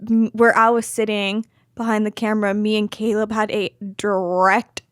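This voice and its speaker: Giggly young woman, lively retelling. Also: medium pitch, moderate pace, no echo, clean studio sound. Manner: giggly, uses many 'like' fillers, acts out her own reactions. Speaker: podcast guest. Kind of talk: casual chat.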